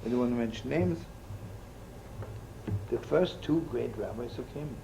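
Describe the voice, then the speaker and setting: Older male rabbi, gravelly, lively storyteller, slips in Yiddish and Hebrew words. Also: medium pitch, a little slow, a little hiss or hum, low-quality recording. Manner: animated, chatty, sprinkled with Yiddish and Hebrew terms. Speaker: rabbi teaching. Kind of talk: storytelling sermon with jokes.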